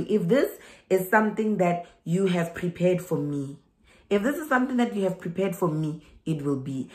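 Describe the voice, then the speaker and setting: A woman's voice: fairly low pitch, expressive, normal speed, warm tone. Chatty South African woman in an echoey room. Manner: chatty, laughing asides, emphatic repeats. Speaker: vlogger giving migration advice. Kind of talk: casual advice vlog.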